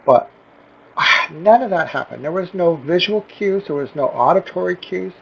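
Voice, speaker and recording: A man's voice: high-pitched, animated, moderate pace, vocal fry, a bit bright, slightly rough, poor audio. A man talking earnestly to camera in a reflective personal vlog, searching for words and restarting his sentences, close to tears. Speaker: vlogger.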